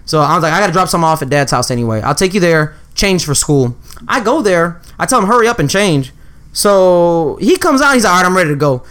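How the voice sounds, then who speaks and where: A young man from the Houston area co-hosts a loose, casual chat and tells a story. He swears freely and acts out his own lines with a somewhat high voice that leaps up when he quotes himself yelling. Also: fast talker. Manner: profane, animated storyteller, acts out quotes loudly. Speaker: podcast co-host.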